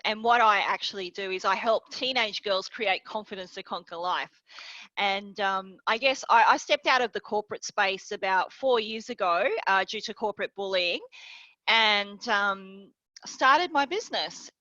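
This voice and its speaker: An Australian woman, a guest and leadership coach, telling her story in an earnest, measured way over a video call. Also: medium pitch, bright, forceful tone, no echo, dull audio. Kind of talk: interview.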